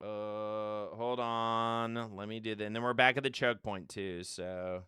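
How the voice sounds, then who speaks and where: Guy streaming a game, bright voice, swings up and down a lot, jokey and dry-miked. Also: fairly low pitch, unhurried, clear, resonant tone, dry recording. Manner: animated, self-mocking banter. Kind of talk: live gameplay commentary.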